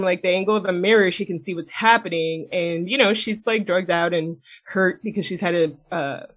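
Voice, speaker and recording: A woman co-hosting a casual podcast, recapping a TV episode in a blunt, animated way, swearing a lot and laughing as she talks. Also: fairly low pitch. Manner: laughs often mid-sentence. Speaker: podcast co-host. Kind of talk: casual chat, retelling a TV episode.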